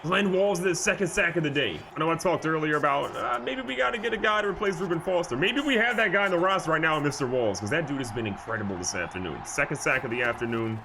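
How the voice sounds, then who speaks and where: A man giving excitable, jokey live commentary over a football video game, moving from calm play calling to loud outbursts. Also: fairly high pitch, fast talker, vocal fry, few pauses, background noise. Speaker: gaming YouTuber.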